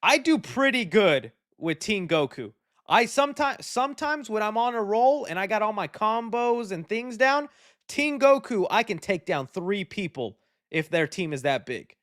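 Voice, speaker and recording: A man hosting a casual livestream, chatting in a relaxed, friendly way while answering viewer donations. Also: sits high, moderate pace, no echo, studio quality. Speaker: livestream host.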